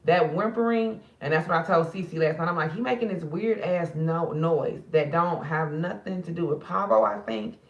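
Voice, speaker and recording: A tired woman speaks straight to her viewers as if they were her sisters. Her voice is gravelly, and it sits a little away from the phone in an echoey room. The sound is dull and lo-fi. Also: lowish voice, animated, normal speed, hardly any pauses, far from the mic. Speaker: spiritual card reader and channel host. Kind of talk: casual late-night vlog chat.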